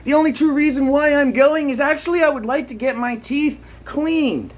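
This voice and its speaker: A man's voice: extremely high pitch, moderate pace, voice pushed up. A man putting on a jokey bloke's voice, cheeky and breezy.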